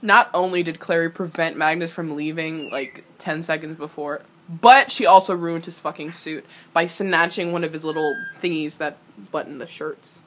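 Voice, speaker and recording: A woman's voice: medium pitch, a bit bright. A young woman giving casual reaction commentary on a TV episode, ranting animatedly and swearing freely. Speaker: reaction video host.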